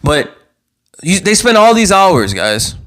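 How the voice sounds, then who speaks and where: A young man hosting his own live show, giving impassioned commentary in a heated, worked-up voice, repeating himself and stumbling over restarts as he gets louder. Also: high voice, very animated, takes it slowly. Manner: heated, repetitive, stammering restarts, rising to near-yelling. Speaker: vlog host.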